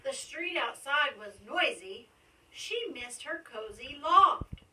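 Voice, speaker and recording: A woman reading a rhyming picture book aloud in a sing-song, animated way, in a school library. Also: high voice, slow, slight background noise. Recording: distant mic.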